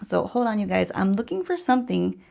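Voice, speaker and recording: Woman vlogger with a creaky voice, chatting loosely to her audience mid-makeup and throwing questions at them. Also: medium pitch, big pitch swings, brisk, a little mellow. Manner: chatty, addresses viewers directly, rhetorical questions. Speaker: beauty vlogger. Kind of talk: casual storytime chat while doing makeup. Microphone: handheld-range mic while holding a mirror.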